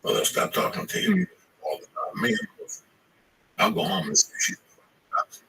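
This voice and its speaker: A man in loud, rambling, profane casual chat. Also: normal speed, rough recording.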